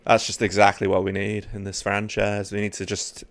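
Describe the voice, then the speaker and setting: A man's voice: lowish voice, monotone, normal speed. A tired young British man streaming a game, chatting bluntly with his viewers. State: tired, yawning. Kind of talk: casual live-stream chat over gameplay.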